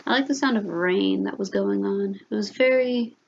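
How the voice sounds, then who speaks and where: A woman's voice: mid-range voice, normal speed, vocal fry, lo-fi sound, slight background noise. Chatty young woman streamer. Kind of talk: casual game playthrough commentary.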